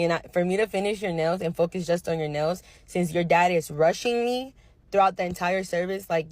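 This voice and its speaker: Brief: young woman, a little low-pitched, slangy storytime voice, dry close sound. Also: no room sound. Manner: animated, slangy retelling with quoted dialogue. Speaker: nail technician. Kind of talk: casual storytime.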